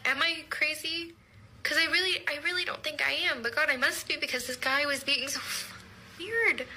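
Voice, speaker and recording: A young woman telling a rambling, deadpan comic story from her own life. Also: high-pitched, a little hiss or hum, rough recording. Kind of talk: storytime vlog.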